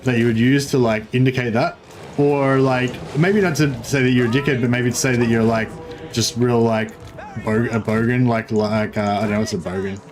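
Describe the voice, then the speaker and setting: An Australian man streams a strategy game, chatting casually in a steady, mid-range voice at normal speed. He rambles, using many fillers and restarting his sentences.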